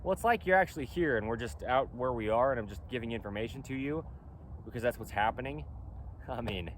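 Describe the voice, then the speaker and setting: Emphatic man with a lively voice. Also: medium pitch, a little fast. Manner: emphatic, insistent, repeats points. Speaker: clothing company founder. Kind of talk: casual outdoor vlog monologue. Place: outdoors. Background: faint wind and traffic noise.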